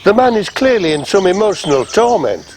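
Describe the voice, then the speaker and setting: A sensible friend asking patient questions, his pitch moving with plenty of life. Faint noise runs under the sitcom sound. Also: big pitch swings, brisk. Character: sensible man urging a friend to go on. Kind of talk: sitcom acting.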